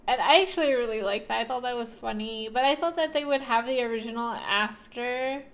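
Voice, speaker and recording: A woman's voice: a little high, a little fast. A young woman co-hosting a podcast, chatting casually about a movie with frequent fillers and laughs. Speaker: podcast co-host. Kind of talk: casual chat.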